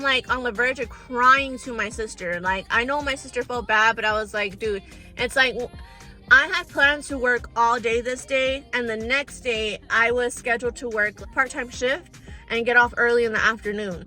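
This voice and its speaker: A woman's voice: fairly high pitch, sharp tone. A young woman telling a storytime vlog to her viewers, chatty and exasperated, calling them y'all and girl. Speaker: storytime vlogger.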